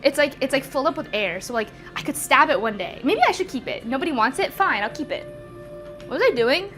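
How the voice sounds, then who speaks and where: A woman's voice: high-pitched, expressive, quick pace, music in the background. A young woman live-streaming from home in a casual, scatterbrained and giggly way. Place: at home by a walking pad.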